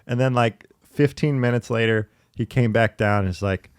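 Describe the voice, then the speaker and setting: A man in casual conversation, telling stories in a chatty, lively way with laughing asides. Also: mid-range voice, normal speed, clean tone, no echo, studio quality. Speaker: podcast guest in therapy talk. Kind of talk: casual storytelling.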